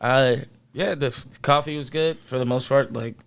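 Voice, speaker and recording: A young man chatting casually as a restaurant reviewer, hesitant and filling pauses with "uh". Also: mid-range voice, gravelly, smooth. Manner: hesitant, lots of uh fillers. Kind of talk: casual chat.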